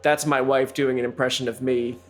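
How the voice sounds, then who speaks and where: A middle-aged man co-hosting a podcast, chatting casually in a halting, self-deprecating way. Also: medium pitch, level tone, fairly bright tone, faint music behind. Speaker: podcast co-host. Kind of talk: casual chat.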